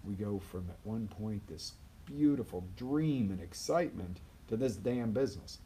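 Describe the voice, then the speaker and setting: A man giving a live motivational talk as a life coach, energetic, swinging between loud bursts and quiet asides and acting out quoted voices. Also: fairly low pitch, normal speed, breathy edge.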